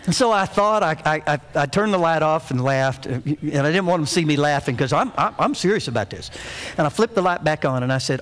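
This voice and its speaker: Animated folksy preacher, high voice. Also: male voice, normal speed, slight background noise. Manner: folksy, animated storytelling with humor. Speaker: pastor. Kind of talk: sermon.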